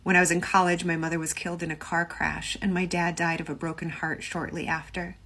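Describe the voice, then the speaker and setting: A middle-aged woman, a clinical psychologist, speaking in a steady, composed way. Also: on the low side, fairly quick. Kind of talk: measured personal testimony.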